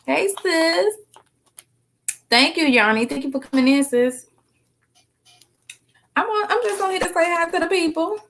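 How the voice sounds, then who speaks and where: A woman's voice: extremely high pitch, lively intonation, a little slow, gravelly, long pauses, fairly bright tone, a little hiss or hum. A tired woman chatting casually with viewers on a live stream, eating snacks as she talks and calling them girl and sis. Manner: eating snacks while talking. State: tired after work.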